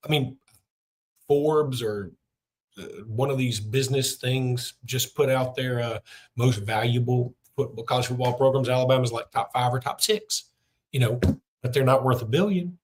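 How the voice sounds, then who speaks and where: A man's voice: medium pitch, moderate pace, a little mellow. A middle-aged man, hosting a sports podcast in a chatty, rambling way with lots of fillers. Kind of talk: casual podcast talk with a read ad.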